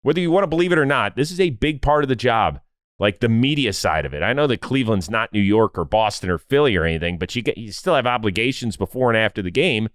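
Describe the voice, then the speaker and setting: A man with a fairly low voice, recorded close and dry. His pitch moves a lot as he tells stories, and he drops into lower voices to quote other people. It sounds like easygoing podcast chat. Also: fast, clean tone, no echo. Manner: animated storyteller, acts out quotes in lowered voices. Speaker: podcast guest. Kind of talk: casual conversation.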